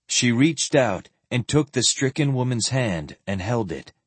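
Man, audiobook narrator, husky voice, close dry recording. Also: mid-range voice, expressive, a little slow, dry recording. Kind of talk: audiobook narration of fantasy novel.

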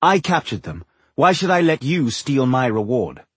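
A man's voice: medium pitch, very animated, moderate pace, fairly bright tone, slightly rough, dry recording, pitched above the performer's own voice. A man voicing an arrogant, sinister female elf in an audiobook, speaking sharply and haughtily. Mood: haughty.

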